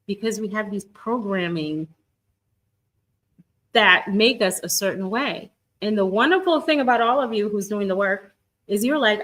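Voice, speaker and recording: A woman's voice: mid-range voice, moderate pace, poor audio. A middle-aged woman coaching viewers in a live stream, talking to them directly in an encouraging way, with many restarts. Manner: warm, encouraging, talks straight to viewers. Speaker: twin flame guidance coach.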